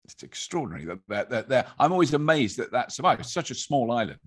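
An older English man with a fairly posh accent and a husky voice, telling stories in a rambling, casual conversation. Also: medium pitch, sing-song, fast. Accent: English, fairly posh (received pronunciation trained). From England. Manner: rambling, storytelling, with laughs.

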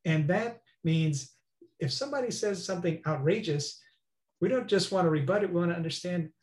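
A man's voice: high-pitched, fairly quick, a little mellow. A man speaking as an interview guest, explaining earnestly and often checking in with "right?". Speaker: guest expert. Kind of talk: interview conversation. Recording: roomy echo.

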